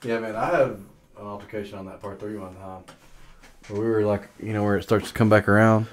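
Joking man with a low voice, podcast banter. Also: fairly even intonation, brisk, a little hiss or hum. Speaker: podcast co-host. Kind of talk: casual chat.

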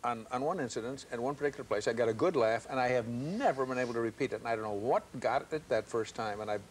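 A man's voice: medium pitch, slight background noise. A man hosting a talk show, chatting with guests and teasing them. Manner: quick, chatty, teasing interjections. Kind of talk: casual chat.

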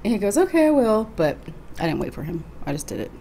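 A woman's voice: low voice, lively intonation, fast talker, vocal fry, dark tone, slight background noise. Chatty Texan woman vlogging from a hotel. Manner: chatty, laughing, swearing, eating while talking. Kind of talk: casual storytelling vlog. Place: hotel room.

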